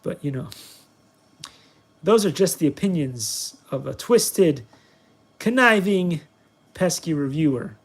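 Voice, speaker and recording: A man's voice: fairly high pitch, lively intonation, unhurried, vocal fry, warm tone, husky. Rambling playful man reviewer. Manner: playful, self-mocking, rambling. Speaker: product reviewer, channel host. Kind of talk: casual vlog commentary while playing.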